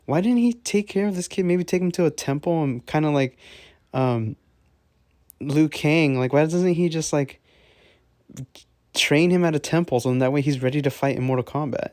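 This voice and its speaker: A man's voice: a little high, a little mellow, no room sound, clean studio sound. A man co-hosting a casual, rambling movie review, full of fillers and frequent laughter. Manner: rambling, lots of 'like', laughs often. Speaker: film reviewer, co-host.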